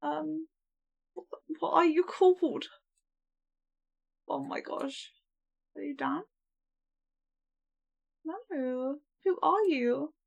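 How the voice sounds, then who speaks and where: Young woman, game streamer, high-pitched, slow-paced, flustered, giggly, thinking aloud. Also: gravelly, dull audio. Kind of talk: casual live-stream gameplay chat.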